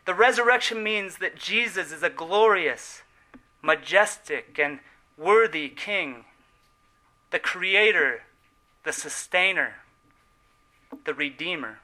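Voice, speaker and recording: A man preaching a sermon in an earnest, emphatic way, slowing on key words and letting phrase endings fall soft. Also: sits high, expressive, rough recording.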